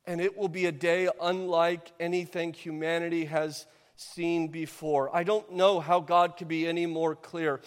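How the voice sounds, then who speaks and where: A pastor delivers an earnest, urgent sermon, pressing his listeners with rhetorical questions. His man's voice sits a bit high. A long reverb from the church hall trails each phrase.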